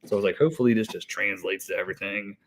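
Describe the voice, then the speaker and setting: A man's voice: fairly low pitch, racing, fairly bright tone, a little hiss or hum. A man in his thirties, an HVAC technician co-hosting a podcast, telling a rambling story in a hyper, breathless way with lots of swearing. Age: 30s. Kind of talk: casual chat.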